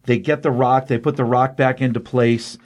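Animated man retelling a comic story. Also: mid-range voice, normal speed. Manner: animated storyteller, acts out quotes with voices. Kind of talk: casual comic book recap.

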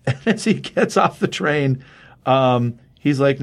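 A man in casual podcast chat, recapping a comic book with lively energy. He keeps slipping into quick put-on voices for the characters, pushing his pitch up for each quoted line. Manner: acts out characters' lines with raised pitch.

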